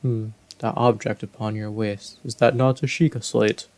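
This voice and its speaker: A man voicing an aged, huge male fish-folk king in a video game, speaking formally and slowly. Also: fairly low pitch, flat delivery, a little mellow, lightly acted. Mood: regal. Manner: formal, stately, slow and courtly.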